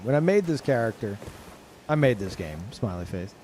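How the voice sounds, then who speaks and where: Young male streamer, rambling casual chat, medium pitch, faint hiss behind. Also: animated, moderate pace, darkish tone. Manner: rambling, lots of fillers and restarts.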